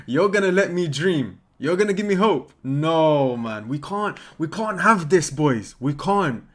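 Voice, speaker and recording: A young man, giving an excitable, jokey football vlog and cutting himself off mid-thought. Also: fairly high pitch, slow pace. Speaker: football content creator.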